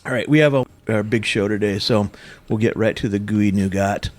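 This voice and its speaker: A man's voice: fairly low pitch, brisk. A man hosting a podcast, chatting casually with his co-hosts and then reading a guest introduction. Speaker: podcast host. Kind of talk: casual chat and show intro.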